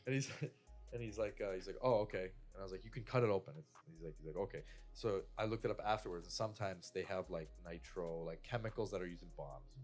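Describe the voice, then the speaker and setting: Brief: young Canadian man, lowish voice, rambling profane podcast storyteller. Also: quick pace, darkish tone, faint music behind. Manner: rambling, profane, lots of "like" and "I'm like". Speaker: podcast co-host. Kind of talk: casual storytelling among friends.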